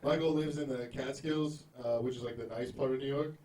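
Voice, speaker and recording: A man firing off roast jokes on stage with dry, quick jabs. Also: mid-range voice, steady tone, mellow. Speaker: roast battle competitor. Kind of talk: roast comedy. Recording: distant mic in a noisy club.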